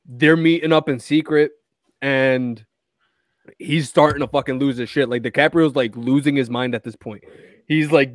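A man's voice: mid-range voice, no room sound. A man co-hosting a podcast, chatting casually about a movie, swearing a lot, acting out quotes and laughing often. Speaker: podcast co-host.

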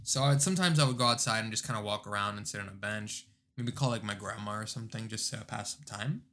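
A man's voice: lowish voice, quick pace, pushed and bright. A young man chatting casually in a laid-back way, telling stories with slang asides. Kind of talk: casual chat.

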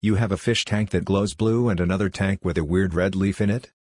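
A man's voice: sits low, fairly even intonation, a little fast, darkish tone, dry recording, clean studio sound. A man reading the lines of a confused, irritable man in a story, asking short, baffled questions. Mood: bewildered. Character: confused, irritable man losing his temper.

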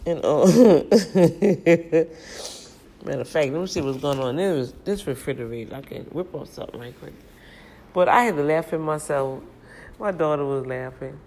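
A middle-aged woman, chatting casually in a storytelling vlog from a home kitchen, animated and laughing at herself. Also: low voice, fairly quick. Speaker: vlogger.

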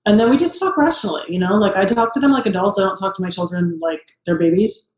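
A woman's voice: medium pitch, expressive, a little fast, a little mellow. Chatty mother in an echoey room. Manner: chatty, many "like" fillers, acts out quoted voices. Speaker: guest, mother. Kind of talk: casual interview chat.

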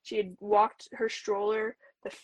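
An earnest young woman recounts a personal story as an interview guest, peppering her speech with "like." Her voice sits at an ordinary middle pitch. The sound is dry and close, with no room around it. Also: little pitch movement, a little slow, no room sound, low-quality recording. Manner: earnest, talks with frequent "like" fillers. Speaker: interview guest, returned missionary.

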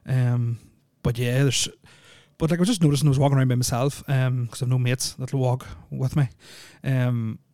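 A man's voice: mid-range voice, fairly even intonation, moderate pace, warm tone, dry recording. A man hosting a solo podcast, rambling with lots of ums and dry jokes. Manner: rambling, filler-heavy, joking. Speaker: podcast host. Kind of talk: casual solo podcast chat.

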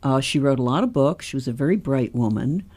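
A woman's voice: extremely low pitch, brisk, husky. An older woman hosting a casual radio talk show, telling stories and laughing often. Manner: animated storyteller, laughs often. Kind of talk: casual chat.

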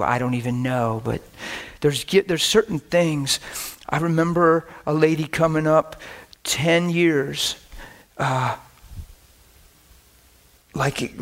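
A man preaching a sermon, telling animated stories and acting out scenes, breaking into laughter, shouts and whispers. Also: medium pitch. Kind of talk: storytelling sermon.

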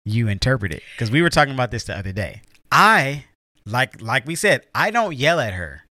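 A man talking casually with his partner on a podcast, relaxed and rambling with many fillers. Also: medium pitch, fairly quick, no echo, clean studio sound. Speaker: podcast co-host. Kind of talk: casual couple chat.

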